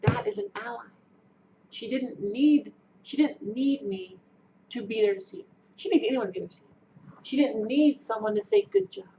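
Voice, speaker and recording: A woman's voice: a little high, sing-song, quick pace, mellow. A middle-aged woman earnestly telling a personal story, repeating herself and restarting her sentences. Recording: dull lo-fi sound with faint noise.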